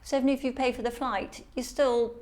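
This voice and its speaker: A woman's voice: sits high, brisk. A middle-aged woman, a model and guest, telling her life story animatedly and acting out what people said. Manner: animated storyteller who acts out quotes. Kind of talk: storytelling in a podcast interview.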